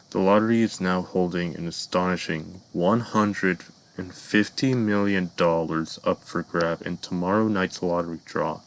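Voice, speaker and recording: A man voicing a polished male TV news anchor with a smooth announcer delivery in a cartoon fan story. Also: deep voice.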